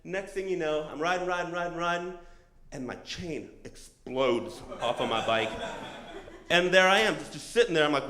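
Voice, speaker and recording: A man spins a true story live on a stage, talking casually and cursing freely. He slips into quick voices for the people he meets. His voice sits a little high, and the room gives it a roomy echo. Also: crowd noise. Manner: animated, casual, profane, acts out other people's lines. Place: comedy stage before a live audience.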